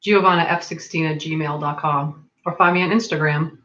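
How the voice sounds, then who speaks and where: A woman's voice: low voice, fairly even intonation, moderate pace, fairly bright tone, highs cut off. A woman from Massachusetts with a local accent between Boston and Rhode Island, chatting casually on a livestream, reading comments, laughing often and filling her talk with "like". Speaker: livestream host.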